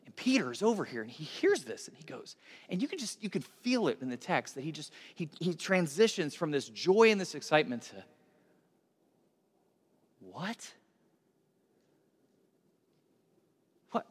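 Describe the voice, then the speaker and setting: A male pastor giving a sermon in lively storytelling style, speaking straight to his listeners. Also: a little high, fairly quick, breathy edge. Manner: animated storytelling, addresses listeners directly. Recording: long hall reverb.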